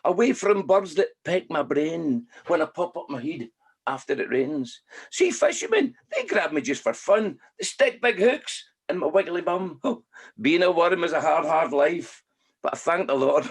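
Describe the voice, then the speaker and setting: A man's voice: a little high, very animated, normal speed, husky, full character voice. Hard-done-by Scottish worm reciting a comic poem, put on by a man. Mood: rueful, comic. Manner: sing-song rhyming recital. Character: gentle male worm, comic self-pitying.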